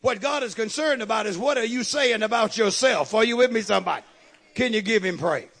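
Man, pastor, very high-pitched voice, call-and-response sermon, repeats phrases. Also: a little fast, a bit bright.

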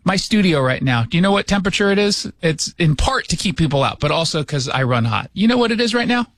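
A man's voice: a little high, expressive, quick pace, fairly bright tone. A man hosting a radio show from his studio, chatting casually with sarcastic jokes. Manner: sarcastic, joking asides. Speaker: radio host. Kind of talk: casual opinion chat.

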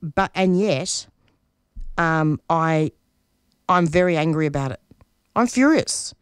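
A woman's voice: sits low, fairly even intonation, takes it slowly, clear, resonant tone, no echo, studio quality. A middle-aged woman who answers interview questions earnestly and reflectively, often restarting her sentences while she searches for words. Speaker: radio show producer and interviewee.

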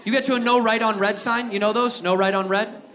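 An American comic, speaking a little fast in a voice that sits high, works the stage at a comedy club with loud, profane, animated rants and acted-out quotes. The live recording is filled with the laughing crowd's noise.

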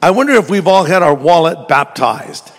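Jokey storytelling preacher in a hall. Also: male voice, a little high, expressive, moderate pace. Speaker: pastor. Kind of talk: sermon. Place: church.

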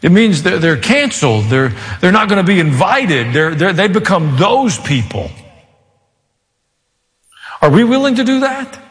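A man preaching a sermon as pastor, with sudden rises and quiet asides. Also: sits high, very animated, unhurried. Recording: long reverb of a large hall.

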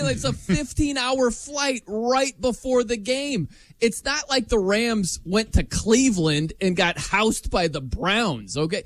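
A high, lively male voice that swoops around as he jokes his way through sports talk, laughing often. The sound is dry and close. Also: no room sound. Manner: animated, jokey, laughs often. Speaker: sports talk show host. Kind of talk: casual sports chat.

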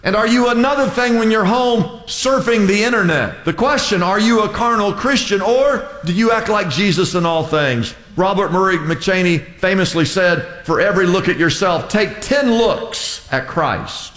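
A man's voice: sits high, normal speed, hardly any pauses, fairly bright tone. An older male pastor preaching a sermon with emphatic, repetitive exhortations. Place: church sanctuary. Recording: echoey hall.

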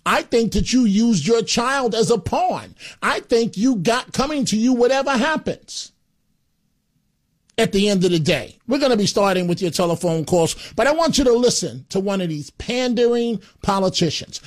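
Male talk radio host, blunt, scornful, high voice. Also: expressive, moderate pace.

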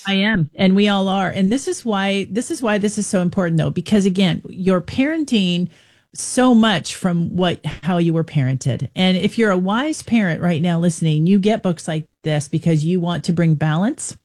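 A woman's voice: fairly low pitch, normal speed, a little mellow. A woman hosting an interview, affirming her guest and talking casually. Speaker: podcast host. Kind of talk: conversational interview.

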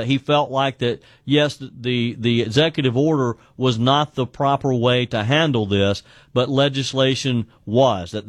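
A man's voice: medium pitch, dry recording, studio quality. A man hosting a call-in talk radio show, talking conversationally and often repeating his first words. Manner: conversational, repeats words when starting sentences.

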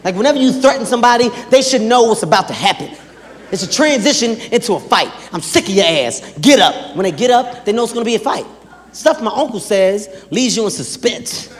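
A man doing a stand-up comedy routine, telling exaggerated stories with shouted punchlines. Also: extremely high pitch, lively intonation, quick pace. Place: large performance hall. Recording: reverberant hall, faint background noise.

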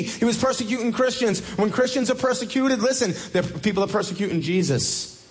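Emphatic preaching man, slightly high voice. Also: brisk. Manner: emphatic, repetitive preaching with sudden rises in pitch. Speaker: pastor. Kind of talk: sermon.

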